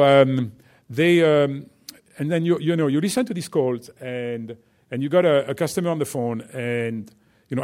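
A man's voice: medium pitch, darkish tone. A man with a French accent, a company executive giving a chatty business talk to students, full of fillers and "right?" check-ins.

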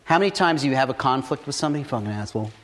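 A man giving casual, blunt business advice, swearing freely and telling stories in an animated way. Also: a little high, rapid-fire, slight background noise. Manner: profane, blunt, animated storytelling. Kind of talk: casual motivational talk.

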